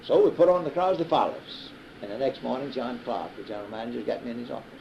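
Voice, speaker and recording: Gravelly Southern man telling stories. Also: medium pitch, fast talker, warm tone. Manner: rambling, repeats himself and restarts with many uh's. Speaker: interviewee, radio broadcaster. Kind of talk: casual storytelling. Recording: dull, faintly hissy old reel-to-reel tape.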